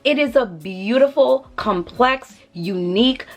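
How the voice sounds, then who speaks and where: A talkative woman vlogger reviewing perfume, her voice sitting a little higher than most. She chats straight to the viewers and fills the review with casual asides. Now and then she plays out both sides of a remembered conversation. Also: expressive, unhurried. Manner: chatty, addresses viewers directly, lots of asides. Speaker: beauty vlogger reviewing fragrances. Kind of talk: chatty story-time product review.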